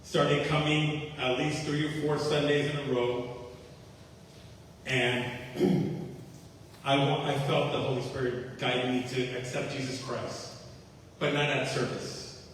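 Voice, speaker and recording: A man's voice: mid-range voice, flat delivery, unhurried. Earnest man testifying in an echoey hall. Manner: earnest, repeats phrases, acts out quoted dialogue. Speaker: testimony speaker at a faith-based recovery meeting. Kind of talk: personal testimony. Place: church meeting hall. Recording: echoey hall, distant mic, faint hiss.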